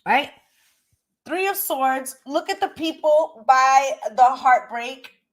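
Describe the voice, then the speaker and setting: A woman's voice: high voice, lively intonation, slow, rough recording. A woman giving a casual spoken tarot reading. She is emphatic and profane and keeps asking "right?". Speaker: tarot reader.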